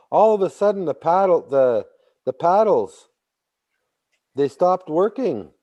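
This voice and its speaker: A man telling a traditional story in a slow, deliberate way, with a mellow, dark voice. He repeats phrases and bursts into animated emphasis at key moments. The audio is slightly dull and lo-fi. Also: a little high. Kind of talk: oral storytelling.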